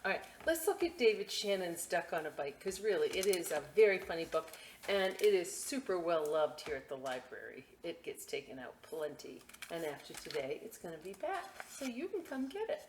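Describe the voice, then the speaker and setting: A woman reading picture books aloud at a library storytime, expressive and adding friendly asides for children. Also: fairly low pitch, a little hiss or hum. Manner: slow, expressive, chatty asides to kids.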